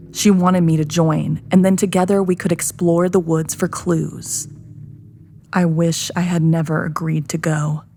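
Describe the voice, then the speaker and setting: A woman narrating a first-person horror story in a hushed, tense manner. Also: on the low side, creaky, a little hiss or hum. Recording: narration over soft music.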